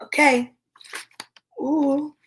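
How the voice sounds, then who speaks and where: A woman's voice: high-pitched, flat delivery, extremely slow, slight background noise. A woman hosting a children's storytime, chatting and reading a picture book aloud in a bubbly, friendly way. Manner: bubbly and chatty, talks straight to young listeners.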